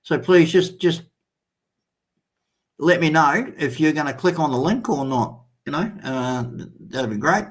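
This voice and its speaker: A man's voice: fairly high pitch, a little slow. An Australian man in his sixties hosting a live stream in casual chat. He rambles, swears freely and fills with lots of ums. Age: 60s. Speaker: livestream host.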